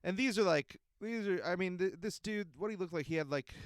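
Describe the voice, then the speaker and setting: A man with a smooth, clear voice tells a comedic story on his podcast, rambling through it. He laughs often and swears freely, recorded close on a dry mic. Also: high voice, fairly quick, no echo. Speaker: podcast host.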